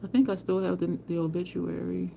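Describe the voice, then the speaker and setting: A woman hosting a relaxed live chat from home. She tells rambling stories and speaks straight to her viewers in a loose, conversational way. Faint street traffic drifts in through an open balcony window. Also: fairly low pitch, a little fast, creaky. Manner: rambling storyteller, addresses chat as y'all, frequent laughs. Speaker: livestream host. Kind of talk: casual live chat, answering viewer comments.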